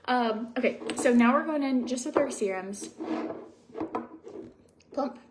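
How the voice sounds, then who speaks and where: A woman's voice: fairly high pitch, a little slow, very noisy. A young adult woman chatting casually at home while doing her skincare routine, rambling and confiding with lots of fillers. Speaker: beauty vlogger.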